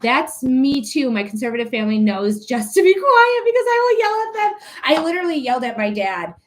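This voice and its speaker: A woman with a slightly high voice hosts a live reading stream in casual chat. She talks bluntly and animatedly, swears without hesitation and breaks off to greet viewers, close to the mic. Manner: blunt, outspoken, swears freely; animated, quick asides to viewers. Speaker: psychic reader hosting a live stream.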